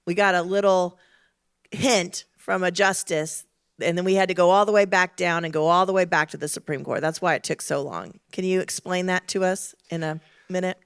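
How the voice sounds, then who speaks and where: A woman interviewing guests on a conference stage, asking energetic, prompting questions. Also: fairly low pitch, normal speed, smooth, no echo, clean studio sound.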